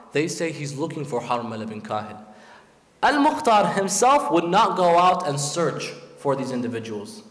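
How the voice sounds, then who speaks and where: A man's voice: on the high side, fairly bright tone. A man delivering a Muharram sermon, telling the story dramatically and voicing the figures in it. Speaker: preacher. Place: large prayer hall. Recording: roomy hall echo.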